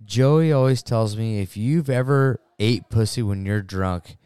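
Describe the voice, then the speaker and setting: A man's voice: fairly low pitch, unhurried, mellow, clean tone. A man co-hosting a casual chat, emphatic and profane, laughing often. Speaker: podcast co-host.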